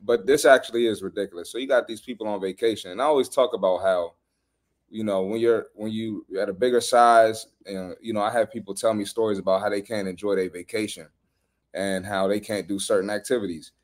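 Fairly low-pitched and fairly quick, this fitness podcast host tears into social media posts, his reactions blunt, lively, and full of slang-laced trash talk.

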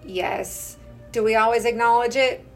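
A woman's voice: fairly high pitch, measured pace, faint music behind. A woman esthetician in her thirties hosting a casual chat, telling stories with lots of giggling. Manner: giggly, animated storyteller.

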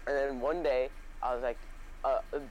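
A young man in the middle of a laid-back storytelling chat, rambling and swearing freely and circling back on his own words. His voice sits at an ordinary pitch, and a faint hiss of noise runs under the recording. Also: fairly even intonation, moderate pace, darkish tone, rough recording. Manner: rambling, profane, full of fillers and restarts. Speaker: podcast host.

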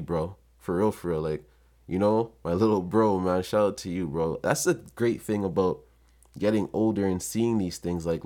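Deep-voiced man, earnest and emotional. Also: darkish tone. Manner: earnest, emotional, swears often. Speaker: vlogger. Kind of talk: casual heartfelt monologue.

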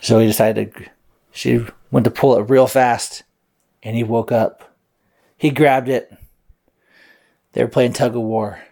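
A man's voice: mid-range voice, fairly even intonation, a little slow, gravelly, pauses often, dark tone. A man improvising a bedtime story aloud, playful, with silly sound effects.

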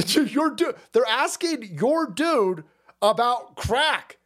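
A man's voice: lively intonation, slow. A man running a profane, mocking political commentary stream. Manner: mocking, swearing, laughing, swings loud and low.

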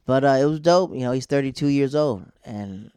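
A man's voice: medium pitch, moderate pace, warm tone, smooth, dry recording. Slangy man in his thirties, dry sound. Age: 30s. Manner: loose, slangy, rambling with many fillers. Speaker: stand-up comedian. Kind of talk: casual storytelling monologue.

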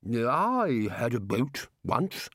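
Man doing a slow dreamy muddled wizard. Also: mid-range voice, big pitch swings, a bit bright, dry recording, clean studio sound, full character voice.

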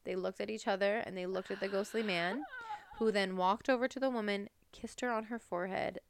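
A woman's voice: mid-range voice, fairly even intonation, brisk, a little hiss or hum. A young woman co-hosting a podcast, chatting casually through ghost stories with lots of "like" fillers. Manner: chatty, many "like" fillers, breaks into laughter. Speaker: podcast co-host. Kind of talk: casual true-crime and ghost story chat.

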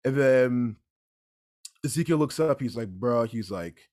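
A young man telling a story in casual chat, animated and repeatedly asking "right?". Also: mid-range voice, moderate pace. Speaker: podcast guest storyteller.

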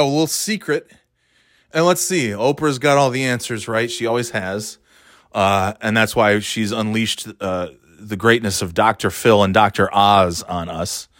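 Sarcastic guy talking into his phone for his podcast, lowish voice, dry sound, swears a lot. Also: fairly bright tone, no room sound. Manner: rambling, sarcastic and profane. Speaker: podcast host. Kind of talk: casual solo podcast monologue. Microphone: phone held while walking.

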